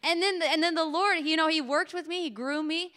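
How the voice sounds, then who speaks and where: A woman gives an impassioned sermon, her voice high and bright. She builds to emotional peaks as her voice cracks with feeling. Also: fairly even intonation, fairly quick. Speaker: preacher. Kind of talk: sermon testimony.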